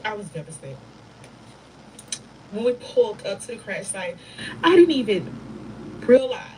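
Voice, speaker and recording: A middle-aged woman telling a painful personal story in a soft, halting way, pausing and restarting often. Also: mid-range voice, very animated, slight background noise, rough recording. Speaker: bereaved mother telling her story.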